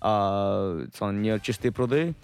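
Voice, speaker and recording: A man's voice: lowish voice, a little slow, a little mellow, clean tone, faint music behind. A man who does stand-up comedy, chatting on a radio show in an easygoing, playful, self-promoting way. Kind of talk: casual radio banter.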